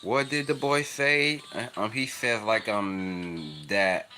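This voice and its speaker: A man's voice: fairly low pitch, takes it slowly, pushed and bright, faint music behind. A young man rambling and laughing in a casual livestream chat with a child nearby. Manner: rambling, repetitive, laughs often. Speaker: livestream host.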